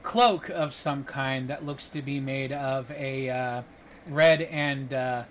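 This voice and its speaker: A man narrating a tabletop game as game master, describing scenes at an easy pace and pausing often with fillers. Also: mid-range voice, slight background noise. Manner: relaxed narration with frequent fillers.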